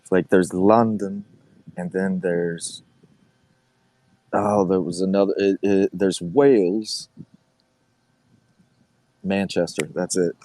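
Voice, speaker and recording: A man's voice: deep voice, fairly even intonation, slow, long pauses, dark tone, rough recording. A man in casual podcast chat, rambling and joking as he corrects himself. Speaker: podcast co-host.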